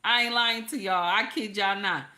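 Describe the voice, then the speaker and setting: An older woman hosting a live stream talks viewers through casual relationship advice, keeping a moderate tempo. Animated throughout, she repeats herself and lowers her voice confidingly to make things stick.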